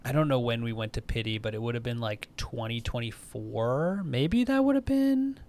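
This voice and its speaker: A man co-hosting a podcast, chatting in a relaxed way, often repeating and hedging his words. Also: mid-range voice, normal speed. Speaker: podcast co-host. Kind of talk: casual podcast chat.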